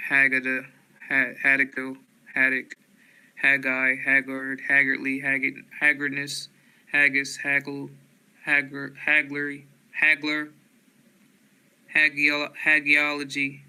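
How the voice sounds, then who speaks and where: A man reading dictionary entries aloud, slowly and flatly, one word after another. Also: mid-range voice, smooth, rough recording. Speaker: dictionary reader.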